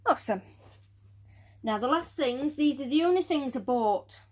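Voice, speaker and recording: A woman chatting casually through a hobby build of a tarantula enclosure, rambling and often dropping to quiet muttering and whispers as she works. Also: high voice, lively intonation, moderate pace. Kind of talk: casual crafting vlog narration.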